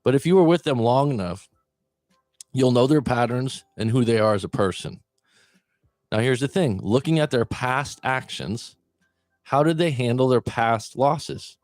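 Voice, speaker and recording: A man's voice: medium pitch, a little slow, darkish tone, dry recording, studio quality, faint music behind. A man, a breakup coach, talking straight to the listener and asking them questions. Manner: conversational, asks the listener questions. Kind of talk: direct-to-camera advice talk.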